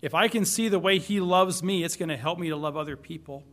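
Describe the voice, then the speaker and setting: A middle-aged man delivers a sermon from the pulpit, his voice sitting a little high for a man. He speaks earnestly, pressing hard on key words before settling back to a softer tone. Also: fast. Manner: earnest, emphatic preaching with rising and falling intensity. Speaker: pastor.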